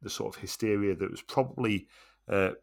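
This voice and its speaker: A man's voice: fairly low pitch, brisk, gravelly. A man co-hosting a casual podcast, reminiscing in rambling, reflective talk. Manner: short agreeing replies, rambling reminiscence. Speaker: podcast co-host. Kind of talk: casual chat.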